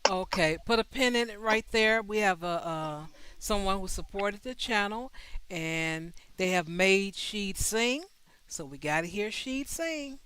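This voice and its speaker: Blunt high-voiced male advice host. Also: a little slow, bright, forceful tone, clean tone, dry recording. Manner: blunt, direct. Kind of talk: livestream advice chat.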